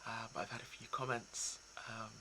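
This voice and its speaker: A man talking casually and reflectively to his viewers, soft and hesitant, with many pauses and restarts. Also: mid-range voice, little pitch movement, slight background noise, low-quality recording. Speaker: poetry reader.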